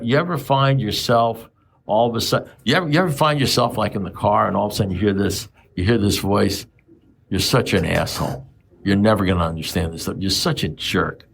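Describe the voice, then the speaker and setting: At a recovery meeting, a seventy-something AA speaker delivers a blunt, profanity-laced talk full of repeated rhetorical questions. His voice sits on the low side and sounds creaky.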